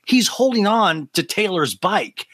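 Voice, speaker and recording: A man guesting on a comedy podcast, riffing quickly with lots of laughter and quick impressions. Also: high-pitched, very animated, pushed and bright. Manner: fast, laughing, rambling riffs with quick impressions. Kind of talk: casual comedic recap chat.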